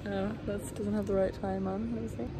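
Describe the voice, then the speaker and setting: A woman's voice: mid-range voice, level tone, brisk, background noise. Tired woman vlogging on a phone. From Ireland. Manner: chatty, rambling, self-mocking. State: tired from long travel. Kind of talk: casual travel vlog. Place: airport room and plane cabin.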